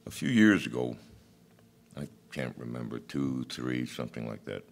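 A man preaching a sermon in a reflective, halting delivery. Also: a bass voice, animated, creaky.

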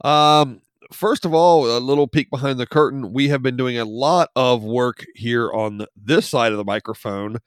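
A male podcast co-host with a head cold, sounding nasal and gravelly, chatting casually and rambling a little. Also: medium pitch, moderate pace, dry recording, clean studio sound. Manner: rambling, restarts, self-deprecating. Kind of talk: casual chat.

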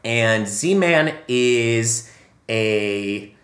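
A man's voice: mid-range voice, expressive, very slow, fairly bright tone. Chatty man with many ums, echoey room. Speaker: podcast co-host. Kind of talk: casual film review chat.

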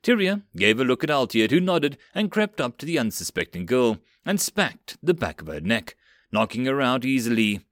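Guy reading a web novel audiobook, super expressive, dry close mic. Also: medium pitch, normal speed, no room sound. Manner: animated reading. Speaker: audiobook narrator.

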